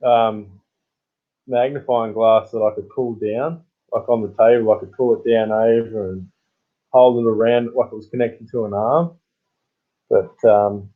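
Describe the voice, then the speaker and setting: A man's voice: fairly low pitch, fairly even intonation, a little slow. An Australian man chatting casually with viewers on a live stream, trading joking, matey banter. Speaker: coin hunting channel host. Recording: tinny phone-like sound.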